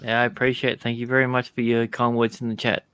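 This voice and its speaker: A man's voice: medium pitch, monotone, fast talker, a bit bright, smooth, dry recording. A man chatting as a guest on a live stream, friendly and careful to correct himself. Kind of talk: casual chat.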